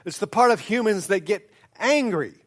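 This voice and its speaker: A man's voice: sits high, expressive. A man pastor preaching a sermon in a church, conversational, stretching out key words and restarting sentences. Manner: conversational, drawn-out emphatic words, frequent restarts. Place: church sanctuary.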